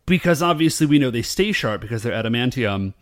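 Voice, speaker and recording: A man co-hosting a podcast, talking in a rambling, animated way with lots of fillers. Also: mid-range voice, fast. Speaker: podcast co-host. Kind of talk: casual chat.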